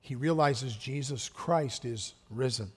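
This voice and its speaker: A man preaching a sermon as pastor, earnest, swinging between hushed and emphatic delivery. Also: medium pitch, slow pace, breathy edge. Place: church sanctuary. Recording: echoey church hall with long reverb.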